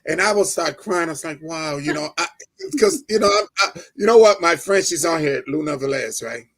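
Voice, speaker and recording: A middle-aged man from New Jersey sharing an emotional personal testimony as an interview guest, animated, often laughing and raising his voice when excited. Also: fairly high pitch, a little fast.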